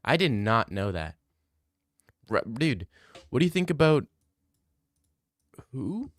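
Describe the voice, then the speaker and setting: A young man chatting on stream, rambling through jokes and restarts while reacting to chat. His pitch sits mid-range. The desk-mic sound is close and dry. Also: sing-song, takes it slowly, no echo. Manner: rambling, joking, many restarts. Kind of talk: casual stream chat reading donations.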